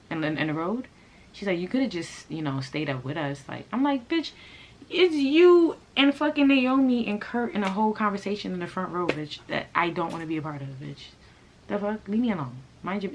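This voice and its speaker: Brash low-voiced woman telling a story. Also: slight background noise. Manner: brash, profane, swings into loud animated outbursts. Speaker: storyteller vlogger. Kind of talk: casual storytime rant.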